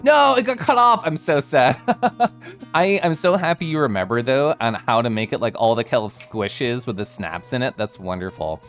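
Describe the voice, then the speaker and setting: A man's voice: mid-range voice, very animated, normal speed, fairly bright tone, soft background music. A man streaming live, chatting casually and greeting viewers by name in a bubbly, giggly way. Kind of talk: casual chat reading viewer messages.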